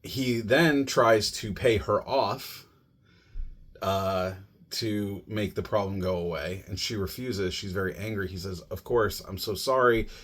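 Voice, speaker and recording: Male podcast reviewer, somewhat low register, relaxed chatty delivery with plenty of filler words. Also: slow pace. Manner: conversational, many "you know" and "like" fillers. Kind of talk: casual plot summary.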